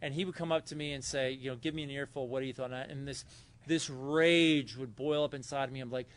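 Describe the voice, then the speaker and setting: A man with a Southern California accent telling his own recovery story to a meeting in a hotel room, rambling and loosely built, now and then bursting into loud acted-out quotes. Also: medium pitch, steady tone, fairly quick. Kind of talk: personal story told to a meeting.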